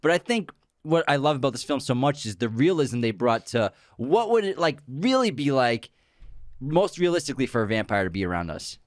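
A man in casual podcast chat, teasing his co-host and laughing easily. His voice sits in a middle pitch. The sound is dry and close, with no room around it. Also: big pitch swings, a little fast, no echo. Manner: joking, laughs often.

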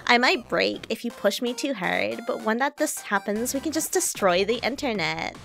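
A woman's voice: a little high, animated, moderate pace, creaky, music in the background. A woman voicing a clingy young woman streamer who craves approval, in a sugary, pleading Valley Girl accent.

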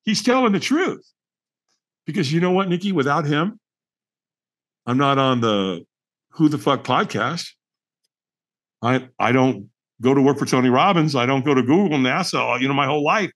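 A man's voice: fairly high pitch, a bit bright. A middle-aged man, a podcast guest, telling a personal story in an emphatic, dramatic way, full of rhetorical questions. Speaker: podcast guest, firewalk instructor.

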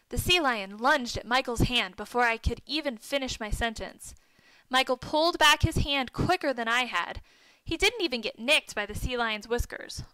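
A woman with a high, bright voice reads a children's story aloud. Her tone is clean and clear, and the recording is dry and close, with no room sound. She lifts her voice for the characters' shouted lines. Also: normal speed, dry recording, low-quality recording. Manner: reads dialogue with lively lifts for the boys' shouts. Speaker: narrator.

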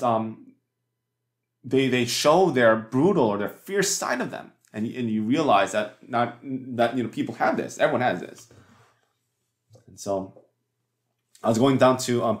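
A man preaching a sermon as pastor, talking conversationally with many fillers and restarts and asking the congregation rhetorical questions. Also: fairly low pitch. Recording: echoey church hall.

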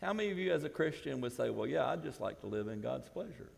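A male pastor, possibly, preaching a sermon that builds to shouted emphasis. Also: medium pitch, very animated, quick pace, gravelly. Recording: church hall with long reverb.

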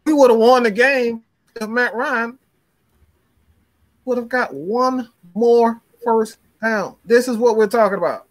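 A man's voice: very high voice, a little slow, no echo. Blunt ranting man, dry close mic. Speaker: podcast co-host. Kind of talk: heated sports talk.

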